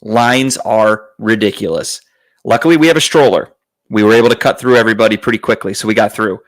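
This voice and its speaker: A man's voice: fairly low pitch, a little fast, low-quality recording. A man hosting a podcast, telling a story in a casual way. He curses a lot, sounds exasperated, and acts out other people's lines in a raised voice. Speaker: podcast host.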